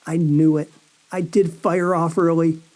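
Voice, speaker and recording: A man narrating a first-person horror story in a slow, brooding, anxious way. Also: a little high, little pitch movement, a little mellow.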